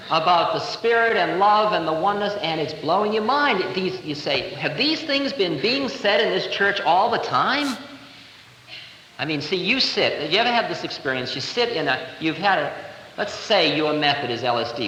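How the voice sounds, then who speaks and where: Animated man lecturing in an echoey hall. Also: high-pitched, normal speed, a little hiss or hum. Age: 30s. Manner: animated, playful, conversational. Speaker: spiritual teacher. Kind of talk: spiritual lecture. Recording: echoey 1970 live hall recording.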